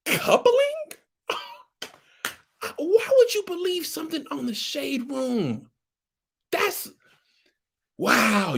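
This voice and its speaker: A man voicing an indignant young woman royal, protesting in a high, squeaky, offended voice. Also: breathy edge, heavily acted.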